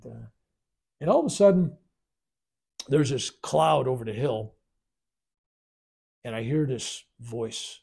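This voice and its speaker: A man with a gravelly, husky voice tells a spiritual story to a workshop. His tone is dark and mellow, and he rambles while acting out the voices he quotes. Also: mid-range voice, slow, long pauses. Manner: rambling, animated retelling with acted quotes. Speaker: spiritual teacher. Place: workshop room.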